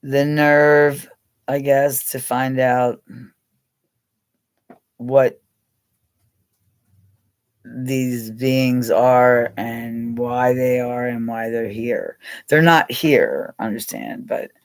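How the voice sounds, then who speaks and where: A man talks casually on a live stream, rambling and pausing as he gathers his thoughts. His voice sits at an ordinary middle pitch, recorded close and dry with no room sound. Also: clear, resonant tone, no room sound. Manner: halting, rambling, thinks aloud with many pauses.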